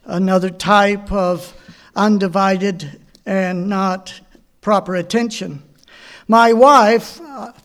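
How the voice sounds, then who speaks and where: A middle-aged man preaching a sermon, telling folksy personal stories and asking the congregation questions. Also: high voice. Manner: folksy storytelling with personal anecdotes. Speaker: pastor.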